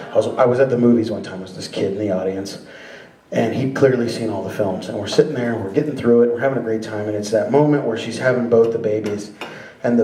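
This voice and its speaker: A male stand-up comedian doing an animated set in a live club, laughing often and slipping into silly voices. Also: mid-range voice, recorded from a distance. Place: comedy club basement with audience. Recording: roomy live room with crowd.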